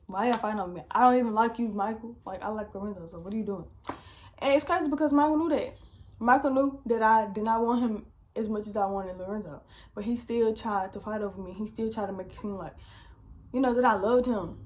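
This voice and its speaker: A woman's voice: fairly high pitch, slight background noise. A young woman vlogger telling a storytime, chatty and slangy, swearing often. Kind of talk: casual storytime.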